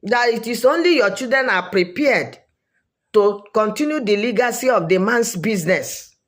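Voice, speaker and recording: A woman's voice: fairly high pitch, expressive, moderate pace. A woman with a Nigerian accent giving opinionated social commentary, emphatic and repeating her points for weight.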